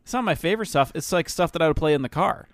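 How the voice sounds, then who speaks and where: A man co-hosting an anime podcast, joking loudly and swearing in casual banter. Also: a little high, expressive, rapid-fire, no room sound. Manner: loud, jokey, swears a lot. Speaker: podcast co-host.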